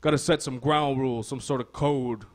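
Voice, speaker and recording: A man's voice: medium pitch, steady tone, normal speed, natural voice. A man voicing King Arthur as a blunt, crude leader with a Brooklyn accent, laying down rules to his knights. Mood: bossy.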